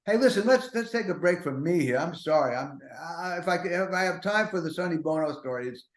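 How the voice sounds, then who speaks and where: The older podcast host's slightly high voice has lively intonation as he spins rambling, self-mocking comic tales, doubling back in quick, neurotic, anxious asides. His bare-sounding room adds a noticeable echo.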